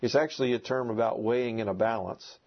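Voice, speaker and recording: A man's voice: medium pitch, fairly even intonation, fast. A man preaching a sermon to a congregation, emphatic and repeating key words. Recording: dull lo-fi recording.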